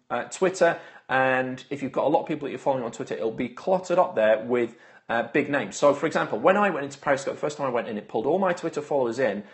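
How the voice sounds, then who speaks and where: Fast-talking man hosting a live stream. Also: medium pitch. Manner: chatty, greets viewers by name, many filler uhs. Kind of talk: casual live-stream marketing tips.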